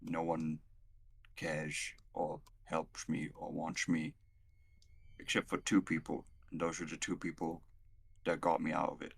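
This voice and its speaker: A man playing a tabletop role-playing game, talking in a hesitant, halting way. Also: very deep voice, monotone, creaky, husky. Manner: hesitant, halting, soft-spoken. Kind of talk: in-character roleplay and table chat.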